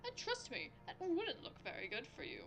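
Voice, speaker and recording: A woman's voice: sits high, wildly swooping pitch, normal speed, a bit bright, exaggerated voice. A woman voicing a prim, formal visitor in a put-on accent, stiffly polite and indignant. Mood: prissy indignation. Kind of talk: game voice acting.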